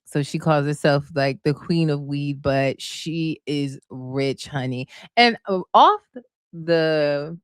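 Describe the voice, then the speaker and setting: A woman's voice: low-pitched, slow pace, clean tone, dry recording, clean studio sound. A woman chatting casually to her viewers, recapping a reality show and gushing about the cast, calling them y'all and honey. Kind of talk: casual chat.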